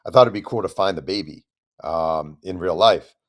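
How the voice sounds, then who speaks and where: A man, an author guest on an interview show, telling a long story with lively acted-out quotes. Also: low voice, moderate pace. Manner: animated storyteller, acts out quoted voices.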